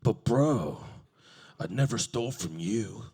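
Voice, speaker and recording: Guy putting on a low droning bro voice, clingy stalker dude, drawls every word. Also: expressive, takes it slowly, gravelly, warm tone, breathy edge, heavily acted. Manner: drawling, says bro a lot.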